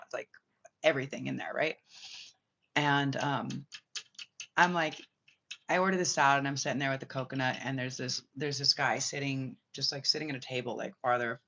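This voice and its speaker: A woman tells a winding personal story in a loose, profane way, slipping into other people's voices as she quotes them. Her voice is bright and forceful. The recording sounds dull and lo-fi. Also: low-pitched, a little hiss or hum. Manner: profane, rambling, acts out quotes. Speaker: spiritual reader. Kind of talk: casual storytelling monologue. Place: Bali.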